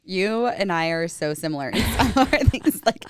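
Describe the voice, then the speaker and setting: A woman hosts a casual interview and asks friendly questions. Her voice is smooth and a little lower than most women's. The sound is close and dry, with no room echo. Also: animated, normal speed. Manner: chatty, warm questions, laughs easily. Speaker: podcast host.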